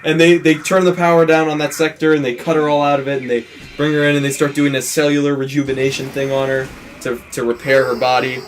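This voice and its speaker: A man's voice: on the high side, level tone, fast talker. A man co-hosting a let's play, casually retelling a film plot in a rambling way, with many restarts and acted-out quotes.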